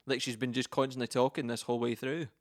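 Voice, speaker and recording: A man co-hosting a podcast in easy, giggly conversation. He often stumbles and restarts mid-sentence. The recording is dry and close, with no room sound around his mid-pitched voice. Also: flat delivery, fast, dry recording. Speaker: podcast co-host. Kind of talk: casual chat.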